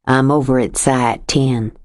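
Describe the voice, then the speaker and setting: A woman voicing a menacing male stalker who speaks in a low, syrupy, exaggerated Southern drawl, in an audiobook reading. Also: steady tone, a little mellow, no echo, studio quality. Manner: slow, sweet, menacing.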